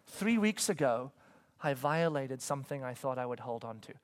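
Storytelling pastor, loud to hushed. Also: male voice, mid-range voice, animated, moderate pace. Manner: storytelling, swings from loud to hushed, stammered restarts. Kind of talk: sermon.

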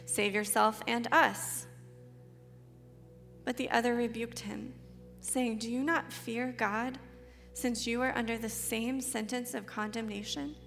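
A woman giving a slow, measured and reverent Bible reading. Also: on the high side, steady tone, creaky. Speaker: scripture reader. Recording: reverberant hall with soft music.

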